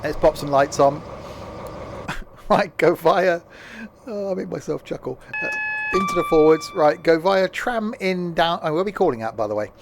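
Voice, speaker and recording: A man's voice: on the high side, animated, normal speed, background noise. A man giving casual, jokey gameplay commentary while streaming, rambling and trailing off mid-sentence. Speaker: game streamer.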